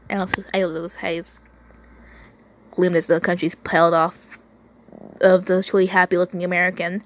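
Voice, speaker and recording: A woman's voice: fairly low pitch, little pitch movement, moderate pace, long pauses, a little hiss or hum. Young woman, casual story reading at home, stumbles, laughing asides. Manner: stumbles, laughs and comments on the text. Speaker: reader of fan fiction. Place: home, indoors.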